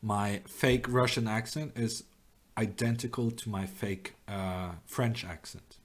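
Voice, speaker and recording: A man's voice: on the low side, fairly even intonation, slow pace. A young man, streaming chess and thinking aloud with wry, self-mocking remarks. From Norway. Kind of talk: live chess commentary.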